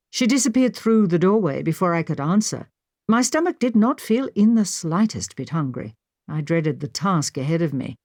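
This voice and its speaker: Woman audiobook narrator, first-person period mystery, lively and expressive, low-set voice. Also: dry recording, clean studio sound. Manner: expressive storytelling. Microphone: studio microphone.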